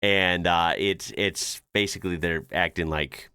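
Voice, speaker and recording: Chuckling often, a laid-back American man hosts a reaction video and explains things with many fillers. He has a deep, steady voice that is sharp, clear and resonant, moving a little slowly. The clean studio sound has no echo.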